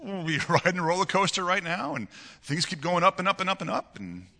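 Man, pastor, sermon, lilt, fairly high voice, long hall reverb. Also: a little fast, creaky. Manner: animated, conversational preaching with frequent laughter and repeated words. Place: church sanctuary.

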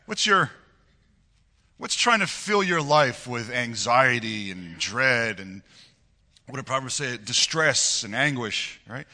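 A man preaching a sermon as pastor of a church, with a loose manner. His delivery is animated and conversational, with frequent chuckles and repeated words. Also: medium pitch, takes it slowly. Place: church sanctuary. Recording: long reverb of a church hall.

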